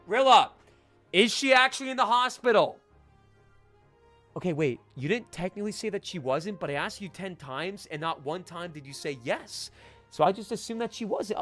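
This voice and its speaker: A man streaming live, chatting casually with viewers and swinging from mumbled asides to loud, laughing protests. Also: high-pitched, sing-song, normal speed, no echo, faint music behind.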